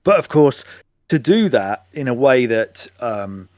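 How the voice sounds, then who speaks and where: A man's voice: mid-range voice, big pitch swings, unhurried, a little mellow, no room sound, studio quality. A man co-hosting a podcast, chatting casually with trailing asides. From England. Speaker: podcast co-host. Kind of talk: casual chat.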